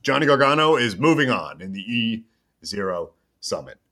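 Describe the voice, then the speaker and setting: A man with a bright, forceful voice hosts a casual podcast. He recaps a wrestling show in an animated, storytelling way, with quick asides along the way. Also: lowish voice. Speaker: podcast host.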